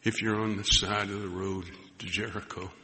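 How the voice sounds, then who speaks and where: A male pastor preaches, telling a story and acting out its conversations, sometimes sinking to a hushed near-whisper. His voice is low in pitch with a very bright, forceful edge. The sound carries a long hall reverb over faint background noise. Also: level tone, normal speed. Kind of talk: sermon.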